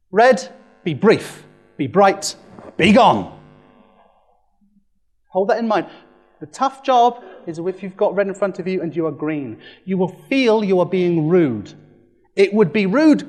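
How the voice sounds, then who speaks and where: A man presents to a room with a playful, animated delivery, his voice sitting a little high for a man. He breaks into quick acted-out quotes as he talks. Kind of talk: lively training presentation.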